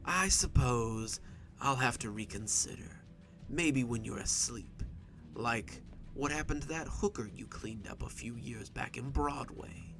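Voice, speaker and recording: Sinister inhuman stranger, played by a man: raspy, wheezing half-whisper, smug menace, for a horror story reading. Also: medium pitch, animated, a little slow, music in the background. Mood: taunting. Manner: smug, taunting. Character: sly menacing uncanny male stranger.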